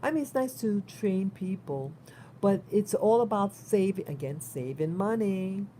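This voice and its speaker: A woman's voice: medium pitch, expressive, a little slow, mellow, slight background noise. A woman talks in a casual, rambling monologue, repeating and restarting words with a concerned tone. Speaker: vlogger.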